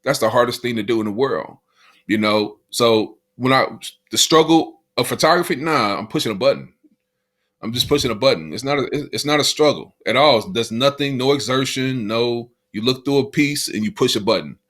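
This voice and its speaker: A man's voice: medium pitch, normal speed, fairly bright tone. A man co-hosting a podcast, talking in a casual, motivational way and repeating "you know" often. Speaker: podcast co-host.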